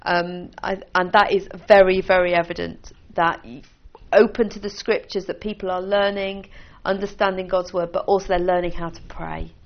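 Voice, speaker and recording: Her voice sits on the low side with a steady tone and an ordinary pace as this woman, a church leader, teaches a small group informally. The talk is conversational and full of restarts, broken up by small laughs, and the audio sounds dull.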